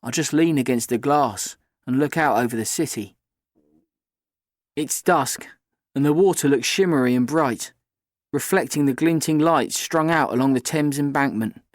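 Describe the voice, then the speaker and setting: A man's voice: medium pitch, normal speed, no echo. Dry, close male audiobook narrator. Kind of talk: scripted first-person narration.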